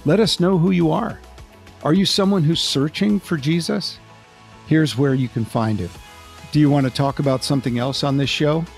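A man's voice: on the high side, normal speed, gravelly, faint music behind. A man as podcast host, reading a friendly scripted outro that invites listeners to get in touch.

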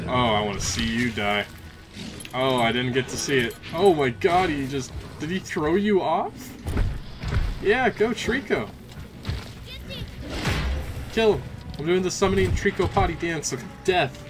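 A young man casually commentating a video game, chatty and jokey, with loud excited outbursts. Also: fairly high pitch, measured pace, long pauses, music in the background. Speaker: let's play host. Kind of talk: gameplay commentary.

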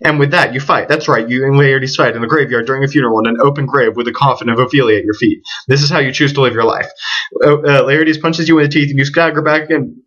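Man rushing through a read-aloud, lo-fi. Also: medium pitch, steady tone, fairly bright tone. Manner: rushed, stumbling over words and correcting himself. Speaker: speedrunner reading a choose-your-path book aloud. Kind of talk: fast read-aloud with asides. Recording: dull lo-fi home recording.

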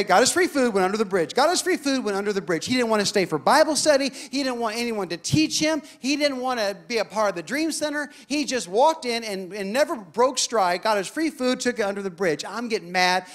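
A male pastor telling a story in a sermon, animated and building to shouted declarations. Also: high voice.

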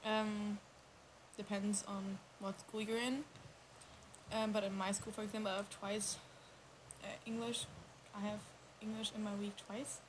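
A woman's voice: mid-range voice, little pitch movement, measured pace. A young woman talks casually in English on a livestream, thinking aloud as she goes. Her sentences wander and restart, filled with ums and little stumbles. A faint hiss sits under her voice. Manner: rambling, hesitant with many ums and restarts. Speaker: livestream co-host. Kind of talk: casual chat.

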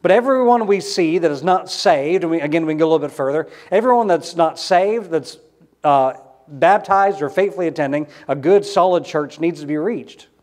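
A man in his thirties preaches a Sunday sermon with a slightly high voice. He talks conversationally and keeps asking the congregation questions. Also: normal speed, a little mellow. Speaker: pastor.

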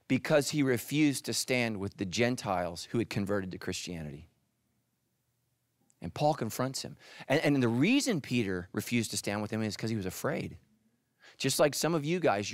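A man preaching a sermon as pastor, animated and speaking straight to his listeners. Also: mid-range voice, no echo, studio quality. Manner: animated, addresses listeners directly.

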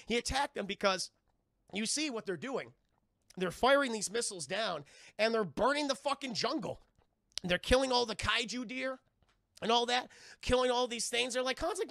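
A man streaming a movie recap live, talking excitedly and profanely and turning often to his chat. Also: extremely high pitch, normal speed, gravelly, dry recording, clean studio sound. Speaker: streamer reviewing a film.

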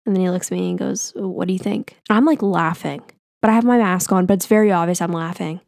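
Gravelly young woman telling a story. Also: on the low side, fast, darkish tone, no echo, clean studio sound. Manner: chatty, swears, many fillers and restarts. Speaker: podcast host. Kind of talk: casual storytelling.

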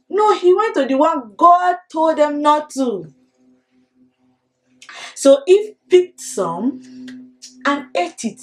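Lively high-voiced lady leading a kids bible lesson, slow and repetitive. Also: rough recording. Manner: animated, call-and-response, repetitive. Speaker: children's Bible teacher.

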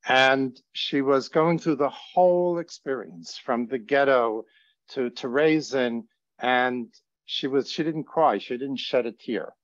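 A man of middle pitch gives closing remarks on an online grief panel, telling a story in an earnest, measured way. The audio is dry, with no room sound, and it sounds dull and lo-fi, like a webinar feed. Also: no room sound. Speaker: trauma center director speaking on a grief panel.

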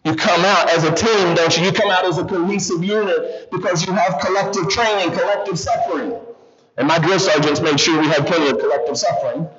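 Preaching as a guest in a church, a man speaks briskly in a high-sitting voice, keeping up a lively stream of questions to the people in the pews. The congregation can be heard in the background of the slightly dull recording.

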